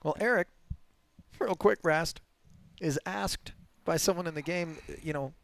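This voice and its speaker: A man doing live poker commentary and telling animated stories, laughing as he goes. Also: fairly high pitch, a little slow, gravelly, dry recording. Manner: animated storyteller, laughs through anecdotes.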